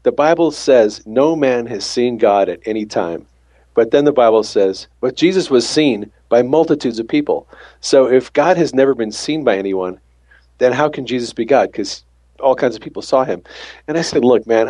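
A man's voice: medium pitch, darkish tone, dry recording. A man telling a faith story from his ambulance work, acting out the dialogue as he retells it. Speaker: works on an ambulance. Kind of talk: storytelling testimony.

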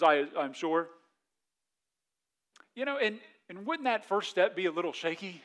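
A man preaching a sermon in a fairly high voice. He tells the story with energy, raising his voice to act out scared disciples, then drops low and soft for his reflective points. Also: moderate pace, pauses often. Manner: animated storytelling, acts out the disciples' panic in a raised voice. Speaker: pastor.

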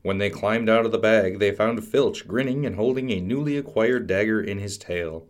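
A man hosting a podcast, reading a fantasy storybook aloud in a measured, dramatic way. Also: lowish voice. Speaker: podcast host and storybook narrator. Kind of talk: scripted storybook narration.

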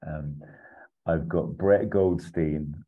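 A man casually pitching a film plot as a podcast host, rambling, laughing often and swearing. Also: fairly even intonation, slow pace, phone-quality sound.

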